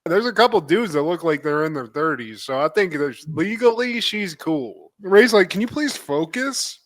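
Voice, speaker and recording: A man co-hosting a chatty podcast recap, his voice sitting a bit high for a man. He tells the story loosely and laughs along as he goes, often turning to his co-host by name. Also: expressive, moderate pace. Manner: keeps addressing co-host by name.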